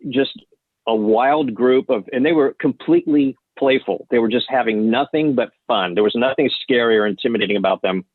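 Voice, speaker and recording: A man's voice: medium pitch, fairly quick, no echo. A man on a video-call fan panel, casually reminiscing in an easygoing way. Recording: tinny, dry video-call audio.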